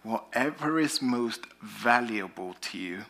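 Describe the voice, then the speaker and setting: A man with a British accent preaches with a bright, ringing tone. He speaks slowly and deliberately, pressing hard on key words, then easing into hushed, quiet lines. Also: medium pitch, gravelly. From Britain. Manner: animated storytelling, rising to emphatic lines then dropping soft. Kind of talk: sermon.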